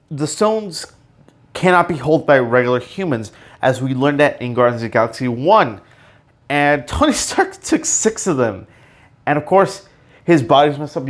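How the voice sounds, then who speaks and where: A man hosting a casual solo podcast, rambling excitedly with many fillers and restarts and sudden emotional outbursts. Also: mid-range voice. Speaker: podcast host.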